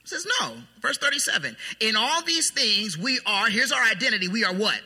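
A man preaching a sermon as pastor, emphatic and then quietly intense. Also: high-pitched, sing-song, fairly quick, slightly rough. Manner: emphatic preaching that drops to soft, hushed intensity. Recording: long hall reverb.

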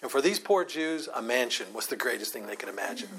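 A man's voice: medium pitch, big pitch swings, fast talker, a bit bright, husky. A man leading a Bible study, explaining Scripture in a conversational way and often asking rhetorical questions.

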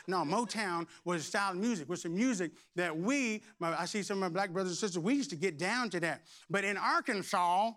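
A middle-aged pastor preaches with energy and humor, sometimes breaking into shouts. His voice sits high for a man and has a bright edge. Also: lively intonation, a little fast, hardly any pauses. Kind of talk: sermon.

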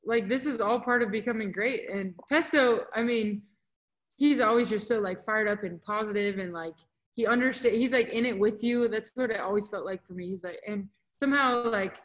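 A young adult woman, a volleyball player and guest, telling stories in a casual, animated interview. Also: on the high side, normal speed, low-quality recording. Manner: animated, chatty, acts out quotes.

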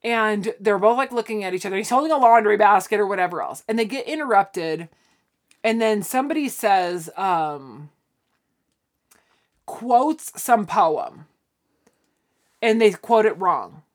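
A podcast co-host with a medium-pitched voice speaks unhurriedly, pausing often, as she casually recaps a sitcom. She's animated, acting out the characters' lines while retelling the scenes.

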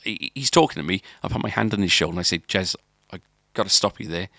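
This co-host's voice is low, gravelly, and a bit bright, and he talks fast as he recounts a long, rambling story on the podcast. Filler and restarts come often, and there's no echo.

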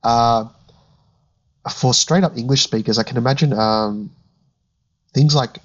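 Young male co-host, relaxed and agreeable, slightly muffled lo-fi audio. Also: mid-range voice, measured pace. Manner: easygoing, agreeable, thinks aloud with fillers. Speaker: podcast co-host. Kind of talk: casual chat.

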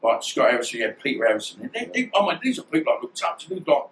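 A man's voice: a little high, big pitch swings, very fast, fairly bright tone, a little hiss or hum, low-quality recording. Rambling man telling boxing stories. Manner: rambling, restarts often, swears. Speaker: former pro boxer, interview guest. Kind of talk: casual storytelling interview.

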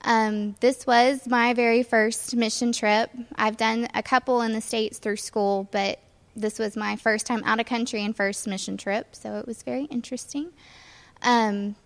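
Young woman, monotone, hesitant, reverberant hall. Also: a little high, unhurried, vocal fry. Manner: hesitant, many ums. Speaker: mission trip speaker. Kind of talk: church presentation talk. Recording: echoey hall.

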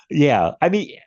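A man's voice: a little high, no room sound, highs cut off. A man hosting a podcast, chatting casually about movies, rambling with many fillers and frequent laughs. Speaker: podcast host.

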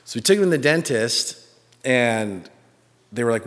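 A man preaching a sermon, telling a personal story with an animated, self-mocking manner. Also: lowish voice, moderate pace. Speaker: pastor. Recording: reverberant hall.

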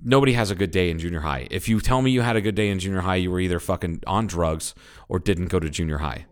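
A deep, smooth-voiced man from Ohio spins a long, cursing anecdote on a casual podcast. He backtracks and restarts often, then pushes ahead with animated, blunt emphasis. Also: quick pace. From Ohio, United States. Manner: profane, animated storytelling with frequent restarts. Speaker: podcast co-host. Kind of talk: casual storytelling chat.

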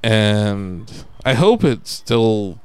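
Lively low-voiced male podcast host. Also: very slow, smooth, no echo. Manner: animated, swears and rants when frustrated. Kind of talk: casual podcast chat.

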